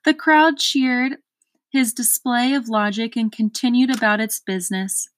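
Slow, measured woman reading a storybook. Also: fairly high pitch, steady tone. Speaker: narrator. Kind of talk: audiobook reading.

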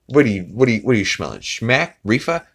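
A man voicing a loud, paranoid cartoon dad who fires off accusing questions. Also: mid-range voice, sing-song, gravelly, voice pushed up. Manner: shouting rapid accusing questions.

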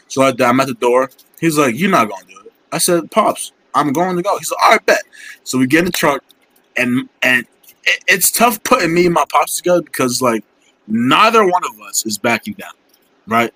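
A man's voice: medium pitch, bright, forceful tone, dry recording, poor audio. A young man in casual chat, animatedly telling a story full of slang and acting out the quotes.

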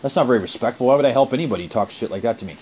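A man's voice: mid-range voice, animated, very fast, a loud crowd. A man in a heated phone argument, lecturing angrily and swearing a lot. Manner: angry, profane, lecturing. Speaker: caller in a family phone argument.

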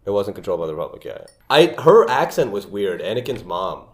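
A man's voice: lowish voice, very animated, quick pace. A young man in casual chat as a podcast co-host, rambling, restarting his sentences and laughing often.

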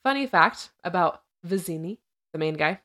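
A chatty woman podcast host with a slightly low voice, retelling movie scenes and trivia between easy laughs. She talks casually, like she's chatting with a friend. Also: animated, normal speed, fairly bright tone. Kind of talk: casual chat recapping a film.

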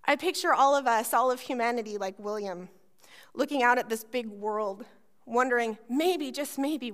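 A woman pastor preaching a sermon, telling a personal story and acting out the voices in it. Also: fairly high pitch. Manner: animated storytelling, acts out voices.

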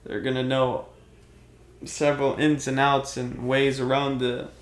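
A young man co-hosting a podcast in casual chat, speaking in a halting, hesitant way. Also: medium pitch, flat delivery. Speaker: podcast co-host. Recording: roomy echo.

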